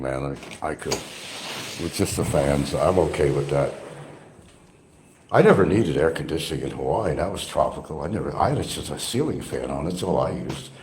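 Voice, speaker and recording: A man's voice: rumbling low, a little mellow, breathy edge. An older retired man talking bluntly and profanely on a casual livestream, mocking people and laughing often. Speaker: livestream host. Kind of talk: casual rambling livestream chat.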